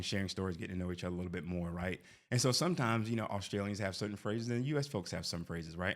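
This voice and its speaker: A man in his forties telling a rambling personal story, often tagging lines with "right?". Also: fairly low pitch. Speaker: vlogger. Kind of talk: casual storytelling.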